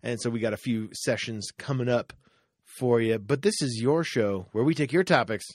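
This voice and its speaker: A man co-hosts a casual podcast from a studio, talking in a playful, meandering way. His voice sits at an ordinary pitch. The studio mic gives a close, dry sound. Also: moderate pace, husky, no echo. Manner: rambling, playful, restarts sentences, slips into joke accents. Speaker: podcast co-host. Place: recording studio. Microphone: studio microphone.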